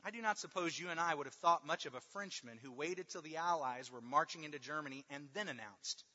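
Emphatic preacher with a bright voice in a long-reverb hall. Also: male voice, fairly high pitch, muffled recording. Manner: emphatic, with rhetorical repetition and slow drawn-out stresses. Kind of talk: sermon.

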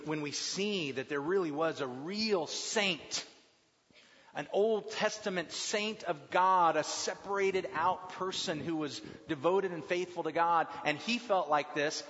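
A man leading a group Bible class, asking questions and talking with lively swings in his voice. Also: fairly high pitch. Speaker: Bible study leader. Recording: long reverb, dull lo-fi sound.

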